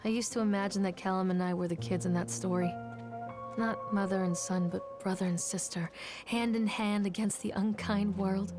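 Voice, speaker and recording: A haunted mother in a horror game reminisces quietly and wistfully, as an actress plays her. Her voice stays low-key and level, with game music drifting underneath. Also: steady tone, normal speed, close to an everyday voice. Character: grieving, haunted mother woman.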